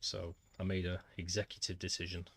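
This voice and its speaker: Northern English male streamer, somewhat low voice, relaxed chatty game commentary. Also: a little fast, creaky. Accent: Northern English, Manchester. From Manchester, England. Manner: chatty, talks to chat, says "mate" often. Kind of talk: casual gameplay livestream chat.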